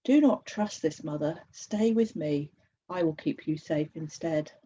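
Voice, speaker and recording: This is Fear from a storybook, a controlling male spirit who gives orders and will not let go, voiced by a woman reading aloud. He speaks in a low, mellow voice on a slightly dull, lo-fi recording. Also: measured pace, husky. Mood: coaxing. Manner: commanding, insistent.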